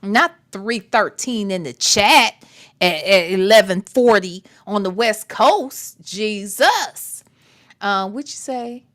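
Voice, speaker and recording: A woman's voice: mid-range voice, lively intonation, takes it slowly, a bit bright. A woman hosting a late-night reaction livestream, commenting with sassy, profane asides and talking straight to her chat. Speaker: reaction show host.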